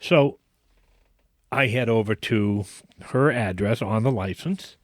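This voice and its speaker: A man hosting a podcast, casually telling a long anecdote in an animated way, with frequent restarts. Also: on the low side, slow, no echo, clean studio sound. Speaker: podcast host. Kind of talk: casual storytelling.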